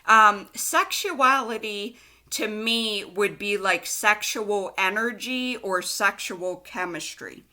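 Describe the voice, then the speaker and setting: A woman's voice: mid-range voice, takes it slowly, hardly any pauses, sharp tone. A young woman giving a casual tarot card reading, chatty and giggly, with lots of likes and ums. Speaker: tarot reader.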